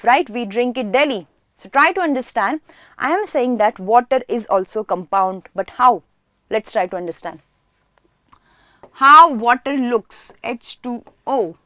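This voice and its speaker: A woman's voice: fairly high pitch, a bit bright, no echo, studio quality. A woman teaching a chemistry class online, who asks questions and answers them herself and repeats key words for emphasis.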